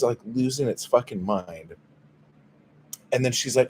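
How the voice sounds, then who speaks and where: Casual livestream host, man, lowish voice, profane and fed up, light background hiss. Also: a little slow, dark tone. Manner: profane, exasperated storytelling. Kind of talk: casual livestream chat, reading viewer comments.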